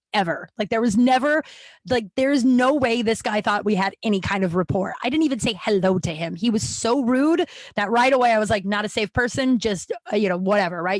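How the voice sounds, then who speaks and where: A woman's voice: mid-range voice, dry recording. A woman in her thirties hosting a podcast from a small room at home, telling a personal story in a blunt, frank way, swearing freely and restarting sentences. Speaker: podcast host.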